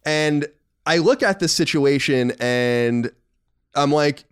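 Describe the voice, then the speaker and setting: A man's voice: fairly high pitch, slow pace, clear, resonant tone. A man co-hosting a gaming podcast, chatting casually and running through news with strong opinions. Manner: animated, opinionated, swears casually. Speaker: podcast co-host. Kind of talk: casual chat and news rundown.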